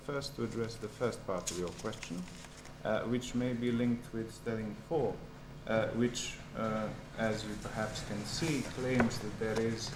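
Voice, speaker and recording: A man's voice: fairly low pitch, background noise. Hesitant man answering in an echoey hall. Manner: hesitant, many filled pauses. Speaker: doctoral candidate defending his thesis. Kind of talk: formal academic answer.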